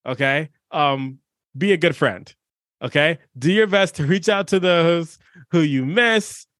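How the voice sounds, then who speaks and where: A man's voice: on the high side, a little slow, fairly bright tone, dry recording. A male podcast host telling a personal story in an earnest, reflective, conversational way.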